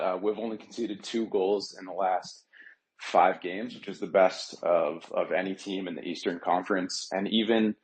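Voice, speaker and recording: Deep-voiced man calling in to a podcast. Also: low-quality recording. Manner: earnest, a bit rambling, many fillers. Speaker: caller, regular contributor. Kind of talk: casual call-in chat.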